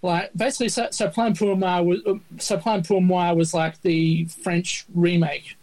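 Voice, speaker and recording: A woman's voice: on the low side, level tone, normal speed, darkish tone, rough recording. Wry rambling woman in casual chat. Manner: wry, dry, rambling with restarts. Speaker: podcast co-host.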